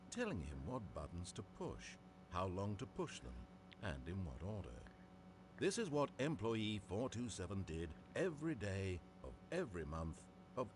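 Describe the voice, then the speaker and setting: A man's voice: low-pitched, background noise. An actor playing a wry, all-knowing male game narrator who tells the story in a dry, theatrical way and teases the player. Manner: dry, mocking, drawn-out storytelling.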